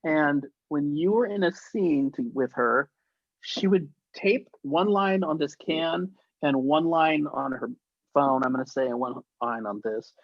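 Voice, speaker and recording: Animated, profane man telling stories. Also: a little high, a little slow, dry recording, lo-fi sound. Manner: animated, profane, laughing through his stories. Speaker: guest, actor and effects artist. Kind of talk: casual anecdotal storytelling.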